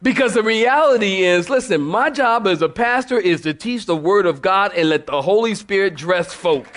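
Man, pastor, sermon, animated, storytelling, laughing asides, fairly high voice. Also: normal speed.

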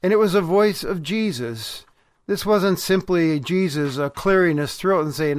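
A male pastor delivers a sermon in an earnest, emphatic way. His voice sits a little high for a man. The sound is dry and close, with no room echo. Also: measured pace.

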